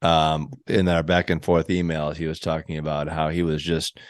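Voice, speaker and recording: A man's voice: extremely low pitch, level tone, moderate pace, clean tone, no room sound. A man hosting a podcast, talking casually and rambling a little as he searches for words. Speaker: podcast host. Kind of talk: casual interview chat. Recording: dry close sound.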